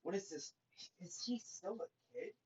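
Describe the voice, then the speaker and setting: A man voicing a calm young male ninja assassin who talks in a measured, questioning way, on a dull lo-fi recording. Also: high voice, pitched above the performer's own voice. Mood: baffled.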